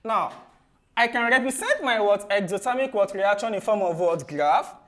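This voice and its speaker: A man teaching chemistry for exam preparation. He ends nearly every phrase with "what?" and then answers it himself in a low, soft voice. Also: lively intonation, normal speed. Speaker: chemistry tutor. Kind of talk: exam-prep lesson.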